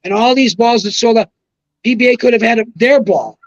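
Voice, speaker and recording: A man with a high voice works his way through his views in a podcast chat, pausing on fillers and starting over. The sound is dry and a little dull, with no room in it. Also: no room sound. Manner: rambling, hesitant opinions with fillers. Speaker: retired bowling pro guest.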